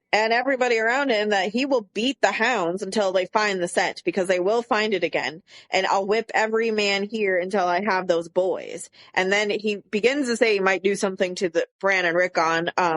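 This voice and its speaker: A woman's voice: medium pitch, a bit bright, no room sound. A woman co-hosting a podcast, retelling a scene hesitantly with many fillers. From Southern US. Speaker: podcast co-host. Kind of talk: casual recap chat.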